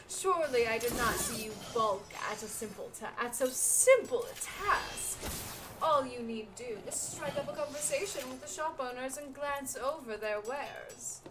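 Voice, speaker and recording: A woman voicing a pompous male master merchant in a game, slow and grand as he hands out orders. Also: fairly high pitch, background noise, lightly acted.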